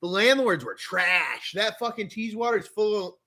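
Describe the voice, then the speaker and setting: Canadian guy ranting on stream, high bright voice, swears a lot, all over the place. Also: moderate pace. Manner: profane, animated storytelling. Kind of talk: rambling casual rant.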